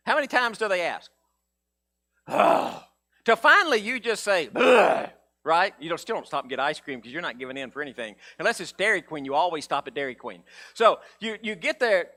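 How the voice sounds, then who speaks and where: A male pastor preaching a folksy sermon, acting out the characters' voices. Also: sits high. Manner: folksy, animated, acts out voices of Bible characters.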